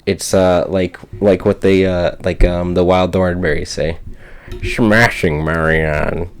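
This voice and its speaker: Young guy with a real low voice, chatting loose on a podcast, lots of restarts. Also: flat delivery, a little slow, darkish tone. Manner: rambling, restarts, acts out quotes. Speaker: podcast co-host. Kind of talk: casual chat.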